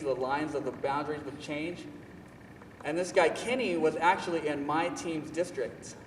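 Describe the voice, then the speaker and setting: A fairly high-voiced young man tells a story in a lively, self-mocking way, leaning hard on his words. He sounds set back from the mic in a large echoey hall, with a faint hum of the room behind him. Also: far from the mic. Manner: animated, self-mocking, emphatic. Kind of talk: personal storytelling talk.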